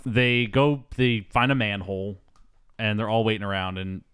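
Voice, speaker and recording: A man hosting a movie podcast, retelling the plot in an animated, jokey way. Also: lowish voice, moderate pace, clean tone, no room sound, studio quality. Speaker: podcast host. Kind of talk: casual movie chat.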